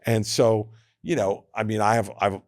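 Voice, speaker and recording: A New man in his sixties spins political war stories as a podcast guest. He acts out everyone he quotes and often doubles back mid-sentence. His voice sits on the low side and is recorded dry and close. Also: normal speed, dry recording. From New Jersey, USA. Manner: animated anecdote teller who acts out quoted people, with frequent restarts. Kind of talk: casual storytelling in conversation.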